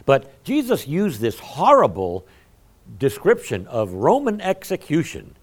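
A man's voice: a little high, unhurried. A male pastor giving a conversational sermon, joking about himself and speaking straight to his congregation. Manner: animated, humorous, self-deprecating storytelling; talks to the congregation directly.

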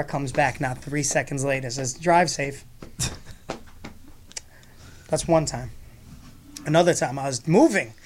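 A man's voice: fairly high pitch, slight background noise. A man telling a funny story in casual conversation, acting out both sides of the exchange and laughing often as he talks.

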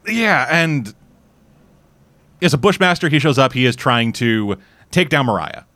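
A man's voice: mid-range voice, lively intonation, a little slow, sharp tone, no echo. A Canadian man casually reviewing a series in rambling, profane chat full of restarts. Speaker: podcast host reviewing a series.

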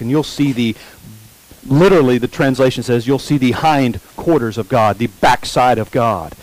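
Speaking at a medium pitch on a rough recording, a male pastor delivers a sermon. He slowly repeats key phrases for emphasis and poses questions to the congregation.

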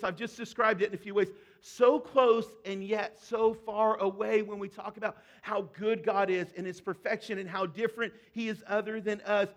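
High-voiced man preaching a sermon. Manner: earnest, conversational preaching that rises to loud emphatic repetition. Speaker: pastor.

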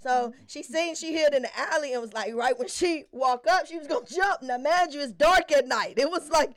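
A woman's voice: high-pitched, moderate pace. A woman from Chicago co-hosting a casual podcast, telling prank stories with lots of laughter. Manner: laughing, animated storytelling. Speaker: podcast co-host. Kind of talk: casual storytelling chat.

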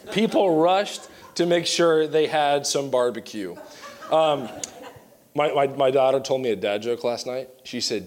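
A man in his thirties, a youth pastor, preaching a sermon with animated, joking asides. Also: mid-range voice, unhurried.

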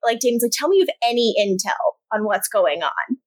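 A woman's voice: fairly high pitch, animated, fairly quick, no echo, low-quality recording. A woman hosting a podcast, casually retelling a TV episode and acting out the characters' lines. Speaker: podcast host recapping a TV episode. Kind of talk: casual chat.

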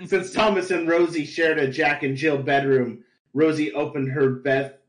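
A man narrates a story for his podcast in a plain, flat delivery, tripping over words. His voice carries a roomy echo. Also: on the high side, moderate pace, a little hiss or hum. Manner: flat reading with stumbles and laughs. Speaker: podcast host, reader. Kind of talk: comedic fan-story narration.

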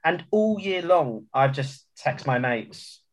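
A man's voice: mid-range voice, very animated, takes it slowly. A man talking football on a casual podcast, rambling and hesitant with many restarts. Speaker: podcast guest.

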